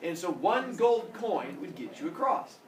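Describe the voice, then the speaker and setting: A male teacher telling a story to his class in an animated way, acting out characters with sound effects. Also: high voice, a little slow, a crowd in the background. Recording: echoey classroom from far off.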